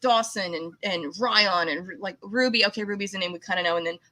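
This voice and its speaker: A woman's voice: medium pitch, a little fast, pushed and bright. A woman from the United States with a Californian accent, hosting a casual podcast interview, chatty and rambling with frequent laughs. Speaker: podcast host.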